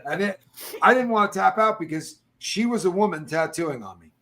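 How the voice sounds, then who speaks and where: Host, male, higher voice, animated joking storyteller. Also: brisk, a little hiss or hum. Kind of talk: casual chat.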